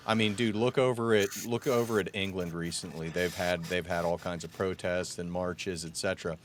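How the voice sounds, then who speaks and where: A man's voice: low voice, fairly even intonation, normal speed, a little hiss or hum. A man hosting a podcast, talking in an emphatic, ranting way and often calling his guest "dude". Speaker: podcast host. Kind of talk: casual podcast chat. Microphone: own podcast mic, remote call.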